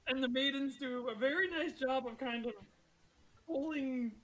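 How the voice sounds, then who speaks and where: Woman game master, fairly high voice, chatty and giggly narration full of fillers. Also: moderate pace, a bit bright, low-quality recording. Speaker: dungeon master.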